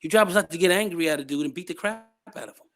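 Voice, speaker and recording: A man's voice: sits high, racing, fairly bright tone. A man talking as a guest in a casual discussion, rambling and often repeating "you know".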